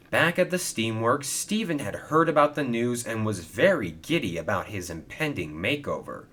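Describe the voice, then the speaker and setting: A man giving scripted, animated narration of a toy train story. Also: lowish voice, unhurried, few pauses, slightly rough.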